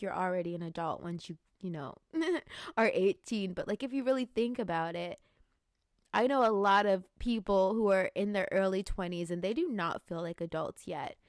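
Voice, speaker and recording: A woman's voice: fairly high pitch, no echo, studio quality. A woman in her late twenties hosting a podcast, talking in an earnest, musing way about growth and intentions, with many "like"s. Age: 20s. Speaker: podcast host. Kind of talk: reflective spiritual talk.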